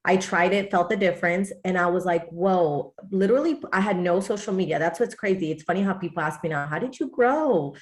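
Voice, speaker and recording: A woman's voice: lowish voice, fairly even intonation, brisk, few pauses. A woman from Texas, a wellness coach guest, telling her story in a chatty, storytelling way. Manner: chatty storytelling, quotes her own thoughts. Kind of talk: casual interview chat.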